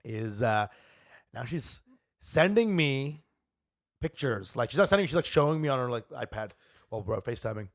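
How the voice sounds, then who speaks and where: Un uomo, co-conduttore di un podcast comico, che chiacchiera in modo rilassato e volgare e ogni tanto imita altre voci. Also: male voice, medium pitch, lively intonation. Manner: loose, crude and joking, slips into quick impressions. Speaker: podcast co-host, comedian. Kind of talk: casual comedic banter. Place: podcast studio in New York.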